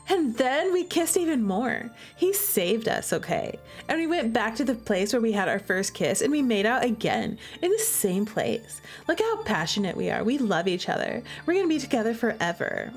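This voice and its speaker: Young woman, game streamer, chatty, playful, higher voice, faint music under her. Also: very animated, normal speed. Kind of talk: casual game commentary.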